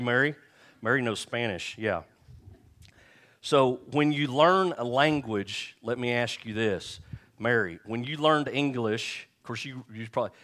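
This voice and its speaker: A middle-aged man preaches in a church with a low-pitched voice. His delivery is relaxed and joking, and he keeps turning to the congregation with questions. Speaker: pastor. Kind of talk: sermon. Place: church sanctuary.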